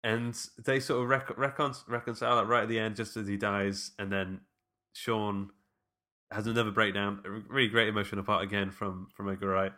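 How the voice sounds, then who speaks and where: A man's voice: lowish voice, flat delivery, fairly quick, sharp tone. A man casually retelling a film with a friend, laughing often and quoting lines.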